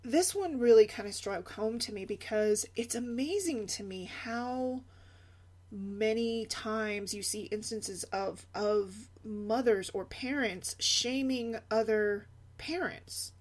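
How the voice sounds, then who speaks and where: A young woman chatting casually in a vlog about parenting, animated and laughing often. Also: on the high side, slow. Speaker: mom blogger.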